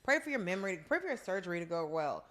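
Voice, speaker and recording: A woman's voice: fairly low pitch, sing-song, very fast, heavy background noise. A woman co-hosting a podcast in casual chat, brash and joking, acting out people in mock voices. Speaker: podcast co-host.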